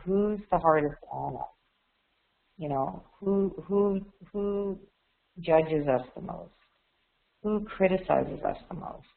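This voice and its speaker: A woman's voice: lowish voice, vocal fry. A woman talks openly and reflectively to a webinar group, often doubling back on her words. Her voice comes through a thin, phone-like line. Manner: candid, repeats words and restarts often. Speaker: webinar speaker.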